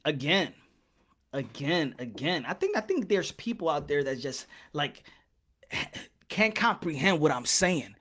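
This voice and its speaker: A bright, forceful male voice delivering a boxing opinion rant. He talks in an unhurried way, hammers the same point over and over, and stretches key words out slowly to make them land. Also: on the high side, big pitch swings. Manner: emphatic, repeats points, drags words out for stress. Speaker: boxing commentary host.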